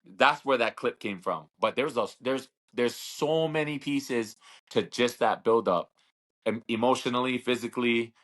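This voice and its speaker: A man's voice: mid-range voice, a little slow, a bit bright. A man in his thirties telling a long story in a casual interview, rambling, repeating words and acting out what others said. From Hawaii. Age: 30s. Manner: rambling, repeats words, acts out quoted voices. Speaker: interview guest, slap fighter.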